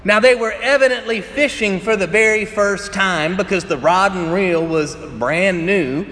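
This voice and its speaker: A man preaching a sermon in a fairly high voice, mixing scripture with chatty stories and frequent laughter. His voice rings with a long reverb from a large room, and faint ambient noise sits underneath. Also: a little slow, a bit bright. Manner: conversational storytelling, often laughing. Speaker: pastor. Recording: echoey hall with faint ambience.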